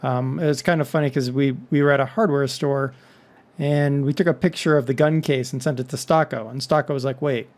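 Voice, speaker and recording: A man's voice: mid-range voice, fairly even intonation, fairly quick, darkish tone. A man from Texas talking casually to his viewers in a rambling monologue full of joking asides. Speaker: vlog host.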